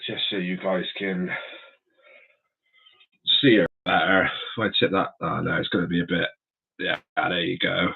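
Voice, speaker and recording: A man's voice: sits low, little pitch movement, normal speed, vocal fry, long pauses, husky. A man hosting a casual live stream from his room of animal enclosures, chatty and friendly, calling his viewers mate and buddy. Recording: dull lo-fi stream audio.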